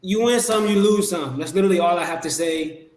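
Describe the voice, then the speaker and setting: A man's voice: sits high, brisk. Laid-back man talking sports in an echoey room. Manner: relaxed, laid-back, many fillers and restarts. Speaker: podcast guest, Sixers fan. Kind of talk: casual sports talk.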